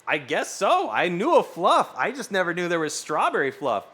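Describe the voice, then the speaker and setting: Animated man chatting on a stream. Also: high voice, brisk. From US West Coast. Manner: animated, swearing, rambling storytelling. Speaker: streamer reading chat. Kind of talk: casual live-stream chat.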